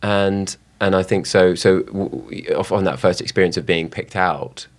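A man's voice: sits low, normal speed. A young man with a London accent, an actor chatting in an interview, hesitant with many fillers and restarts. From southwest London, England. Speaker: actor, guest. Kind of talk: casual interview chat.

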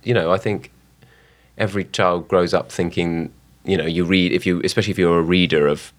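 A man's voice: low voice, steady tone, a little fast. A young man with a London accent, an actor chatting in an interview, hesitant with many fillers and restarts. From southwest London, England. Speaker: actor, guest. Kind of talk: casual interview chat.

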